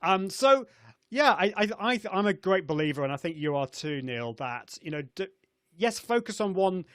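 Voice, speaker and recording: Hosting a chatty live stream over a video call setup, this middle-aged man has a high-pitched, very animated voice that is a bit bright and smooth, at normal speed. He laughs often and fills his talk with fillers and restarts, captured in studio quality with no echo.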